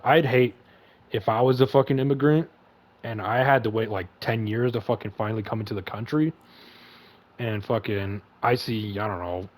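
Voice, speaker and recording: A man hosting a casual chat stream, rambling with lots of fillers and heavy swearing. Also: on the low side. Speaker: podcast host and streamer.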